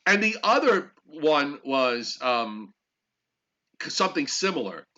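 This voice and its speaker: An older man co-hosts a casual chat, his bright, slightly high voice rising as he tells a story with exasperated energy. The recording sounds dull and lo-fi. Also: very animated, slow pace. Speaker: co-host.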